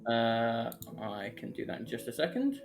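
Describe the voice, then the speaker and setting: Brummie male player, mid-pitch, easygoing, music bed. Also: wildly swooping pitch, moderate pace. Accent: Birmingham. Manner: casual, reads rules aloud with fillers. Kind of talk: casual tabletop game chat.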